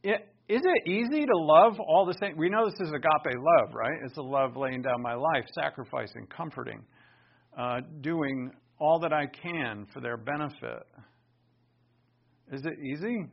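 A man delivers a sermon in a fairly high voice, leaning hard on key words with loud bursts. Between them he drops into low, quiet asides. The recording sounds muffled and lo-fi. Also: a little slow, vocal fry. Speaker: pastor.

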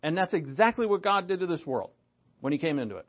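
A man preaching a sermon, animated, moving between loud emphasis and low asides. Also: quick pace, dull audio.

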